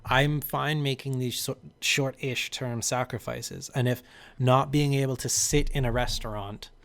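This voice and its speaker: A man co-hosting a podcast with his partner, talking in an easygoing, rambling way. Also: medium pitch. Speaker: podcast co-host. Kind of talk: casual chat.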